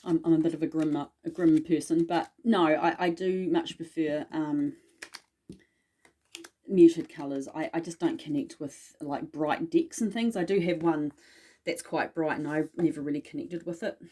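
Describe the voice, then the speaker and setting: Woman, low voice, soft and mellow tone, casual vlog chat, rambling, self-deprecating. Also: fairly even intonation, normal speed. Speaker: witchcraft vlogger.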